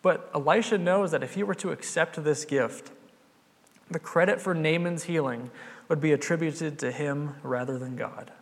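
A man's voice: on the high side, normal speed. A man preaching a sermon, retelling a Bible story in an earnest, conversational way. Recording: long hall reverb.

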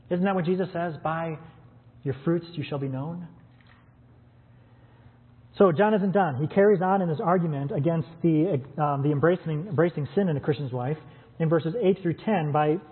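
A man preaching a sermon to his church, earnest and conversational, asking rhetorical questions. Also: fairly high pitch. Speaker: pastor. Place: church with stream audience. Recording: phone-like sound with long hall reverb.

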